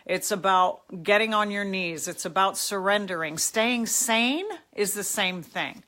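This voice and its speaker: At a measured pace, a middle-aged woman with a medium-pitched, pushed and bright voice hosts a live chat. She reads out comments from viewers and answers each with heartfelt emotion and encouragement.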